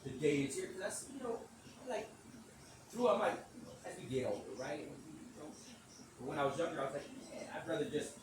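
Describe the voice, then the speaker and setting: A man hosting a podcast, telling a rambling, animated story in speech, swearing casually and acting out the quotes. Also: fairly high pitch, quick pace, recorded from a distance. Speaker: podcast host. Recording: echoey room, off-mic, background noise.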